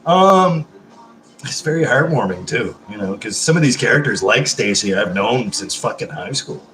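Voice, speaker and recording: A man in his thirties hosting a casual livestream, chatting warmly with viewers and swearing freely. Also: medium pitch, expressive, moderate pace, echoey room, faint music behind. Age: 30s. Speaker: livestream host.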